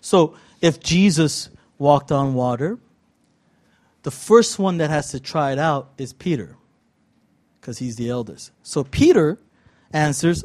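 A male pastor from California delivers a conversational sermon to his congregation, playful and animated, often breaking into asides and questions for the audience. His voice sits high and his pace is slow.

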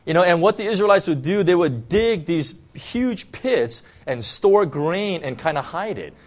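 A man delivers a sermon to his congregation in a loose, conversational preaching style. His slightly high voice swings widely up and down. He keeps checking in with his listeners, and he leans on "you know" and "right?" as he goes. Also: animated, measured pace, a little mellow. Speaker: pastor.

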